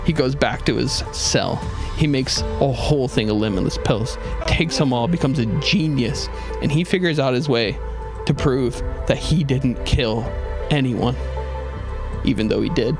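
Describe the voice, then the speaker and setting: A man's voice: mid-range voice, moderate pace. Guy hosting a goofy call-in show, rambling playful, music going behind. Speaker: host. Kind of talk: comedic talk show riffing.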